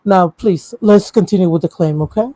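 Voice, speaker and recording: A blunt stream guest chatting over voice chat. The voice is mellow and dark and sits at a middle pitch. The sound is very dry and close. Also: moderate pace, dry recording. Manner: blunt, swears freely, mimics a polite phone agent.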